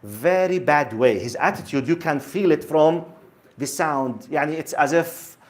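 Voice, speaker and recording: Man in his fifties, emphatic religious lecturer, fairly high voice, keeps questioning listeners. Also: normal speed. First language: Arabic. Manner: emphatic, repetitive, asks the audience questions. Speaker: Islamic lecturer.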